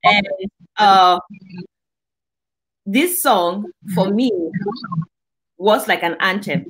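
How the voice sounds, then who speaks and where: A woman's voice: mid-range voice, fairly bright tone, rough recording. A woman guest, a singer-songwriter from Cameroon, talking earnestly and reflectively about her song in a casual interview. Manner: earnest, reflective, speaks slowly.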